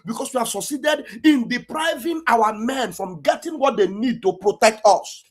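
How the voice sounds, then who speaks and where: Fiery husky woman with Igbo Nigerian accent. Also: a little high, normal speed. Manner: fiery, accusatory, raises voice at times. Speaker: online political commentator. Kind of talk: impassioned political rant.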